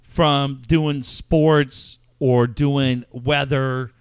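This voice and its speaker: A man's voice: medium pitch, fairly even intonation, drawn-out words, clear, resonant tone, no echo, clean studio sound. A man hosting a podcast, telling long stories in casual, profanity-heavy chat. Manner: profane, rambling storyteller. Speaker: podcast host.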